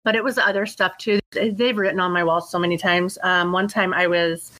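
A young adult woman, a guest on a talk podcast, telling a story in an animated way, acting out her own quotes and swearing casually. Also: lowish voice, a little fast, rough recording. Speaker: psychic life coach, guest.

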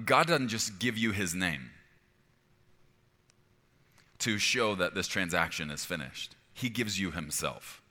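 Forceful, bright-voiced male preacher. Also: medium pitch, long reverb tail. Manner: emphatic, conversational preaching, drops to a hushed voice. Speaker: pastor. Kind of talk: sermon.

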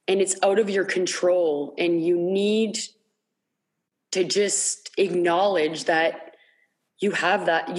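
Halting, earnest woman podcast guest. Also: medium pitch. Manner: halting, repeats words, many fillers. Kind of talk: candid personal storytelling.

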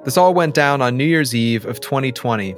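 Male interview host, thoughtful and affirming, with soft music under. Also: medium pitch, expressive, a little fast. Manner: reflective, affirming, often adds "right?". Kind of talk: podcast interview and narration.

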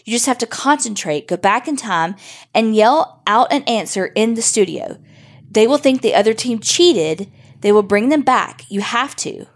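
A young boy pleads softly and insistently with his sister, as a woman reads him aloud. He sounds hushed and desperate in this spoken story, with a middling voice that never lets up. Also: on the high side, expressive, normal speed. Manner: soft, insistent begging.

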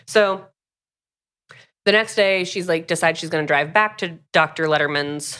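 A young woman co-hosting a podcast, casually recapping a book in a lively storytelling way and acting out the quotes. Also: low voice, normal speed. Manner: lively storyteller, acts out quotes, many fillers. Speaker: podcast co-host.

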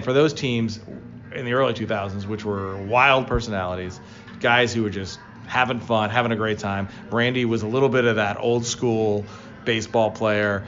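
A man co-hosting a casual baseball talk show, telling player stories with lively excitement. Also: lo-fi sound. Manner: storytelling, animated, rising pitch when excited. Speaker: baseball podcast co-host, former player. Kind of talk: casual sports chat.

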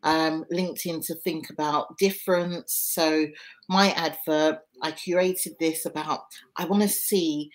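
Low-voiced woman, earnest guest. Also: fairly even intonation, measured pace, low-quality recording. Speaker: podcast guest. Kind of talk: conversational interview.

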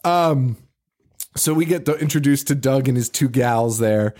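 A man's voice: medium pitch, measured pace. A man co-hosting a horror movie podcast, chatting casually and telling stories with lots of laughs and restarts. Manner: animated storyteller, frequent laughs and restarts. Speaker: podcast co-host. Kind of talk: casual chat.

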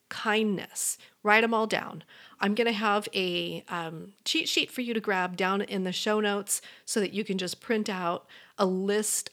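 Her voice sits at medium pitch as she addresses listeners directly on her motivational podcast. She's a life coach, sincere and encouraging, who sometimes slips into a soft whisper.

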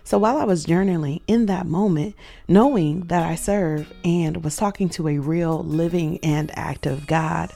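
A woman's voice: lowish voice, normal speed, vocal fry, dark tone, faint music behind. A woman hosting a show, earnestly telling a personal faith story, reflective and emotional at its peaks.

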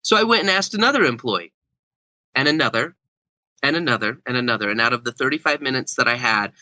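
A man's voice: medium pitch, lively intonation, quick pace, bright, forceful tone, dry recording, low-quality recording. A young man who is a guest speaker, telling a story animatedly in an interview and acting out the quotes. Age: young adult.

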